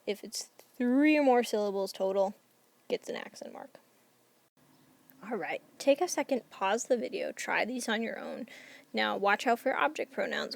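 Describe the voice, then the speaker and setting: A woman's voice: mid-range voice, vocal fry. A woman teacher explaining grammar rules in a patient, step-by-step recorded lesson. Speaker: Spanish teacher.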